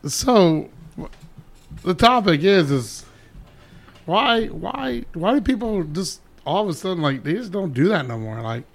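A man's voice: high-pitched, very animated, a little slow. A man co-hosting a casual podcast, bringing up a topic in a laid-back, rambling, slightly indignant way. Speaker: podcast co-host. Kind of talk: casual chat.

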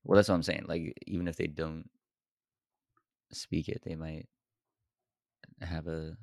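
A man's voice: very deep voice, little pitch movement, unhurried, gravelly, darkish tone, no echo, studio quality. A man co-hosting a podcast, chatting about movies in a laid-back way, laughing often and calling his friend bro. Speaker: podcast co-host. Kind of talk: casual film discussion.

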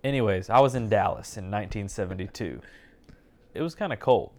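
A man co-hosting a sports podcast, joking with deadpan asides. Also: on the low side, a little fast. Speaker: podcast co-host. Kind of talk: casual chat.

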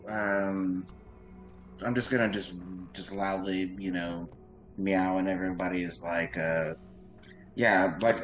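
A man playing a tabletop game, talking casually and hesitantly as he works out his move. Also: deep voice. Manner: hesitant, rambling. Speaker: player.

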